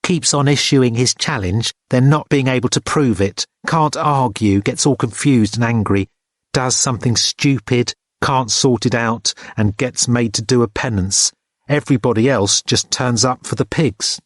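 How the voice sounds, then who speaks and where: A man voicing a taciturn, gruff old man at a feast, grumbling in short phrases for an audiobook. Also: mid-range voice, measured pace, no room sound, studio quality, close to an everyday voice. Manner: laconic, grumbling.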